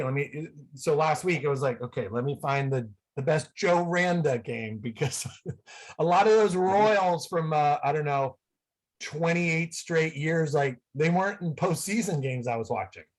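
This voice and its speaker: A man from the San Francisco Bay Area, a guest on a video call, telling rambling, excitable stories full of "like" fillers. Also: fairly high pitch, normal speed. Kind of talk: casual storytelling.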